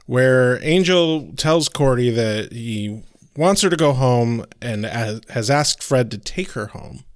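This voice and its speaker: A male podcast co-host jokes through a TV recap, cursing offhandedly and trailing into fillers. His mid-pitched voice is recorded dry and close, with no room sound. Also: expressive, slow pace, no echo. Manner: joking, swears casually, trails off with fillers. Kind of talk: casual episode recap chat.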